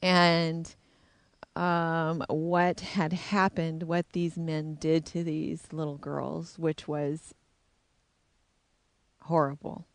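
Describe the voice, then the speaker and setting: A woman's voice: low-pitched, little pitch movement, extremely slow, long pauses, no room sound. Middle-aged woman, frank and reflective storyteller, dry close recording. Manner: candid, reflective. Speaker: intuitive, psychic. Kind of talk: personal storytelling.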